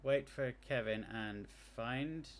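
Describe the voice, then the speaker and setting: Man, live game streamer, chatty, thinks out loud, mid-pitched voice. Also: slow pace. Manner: chatty, thinks aloud, with restarts; technical asides on game effects. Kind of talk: live gameplay commentary.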